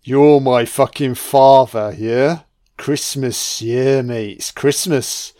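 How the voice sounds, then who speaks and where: A man's voice: slow pace, mellow, dry recording, studio quality, natural voice. A man voicing a laid-back, friendly male snowman who keeps calling everyone mate. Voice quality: mumbled, low, chummy with lots of "mate".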